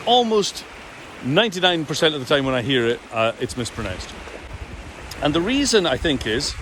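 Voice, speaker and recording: A man's voice: mid-range voice, a little hiss or hum. A man teaching pronunciation, drawing out vowel sounds to demonstrate them. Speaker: Gaelic speech coach. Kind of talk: pronunciation lesson to camera.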